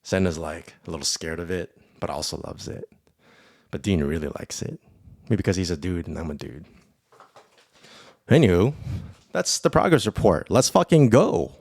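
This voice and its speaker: A man with a low, deep voice hosts a casual solo podcast, rambling and cursing with bursts of excitement. The sound is dry and close, with no room echo. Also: normal speed, pauses often. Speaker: podcast host.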